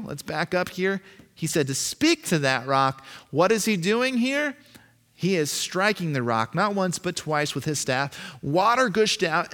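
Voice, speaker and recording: A male pastor delivers a sermon in an animated, emphatic way and slips into acted voices. His slightly high voice rises and falls a great deal. The sound carries a long reverb from a large hall.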